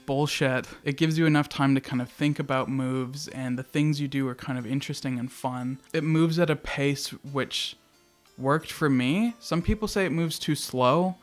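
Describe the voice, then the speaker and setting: A man hosting a casual game review video, excitable and chatty, swearing casually as he talks. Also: mid-range voice, moderate pace, faint music behind. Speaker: video essay host.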